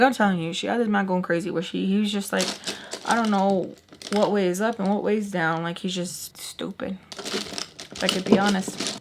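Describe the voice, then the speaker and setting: A woman's voice: medium pitch, noisy background. Chatty young woman telling a story. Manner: chatty, quotes people in quick back-and-forth. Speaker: storytime vlogger. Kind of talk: casual storytelling while doing makeup.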